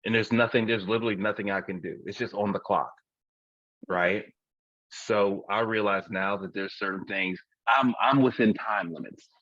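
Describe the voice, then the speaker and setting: A man in his forties speaks at a moderate pace in a fairly low, steady voice with a touch of brightness and no echo. As a podcast co-host, he keeps the comedic chat candid and profane, often laughing at what he says. The recording is dull, dry and lo-fi.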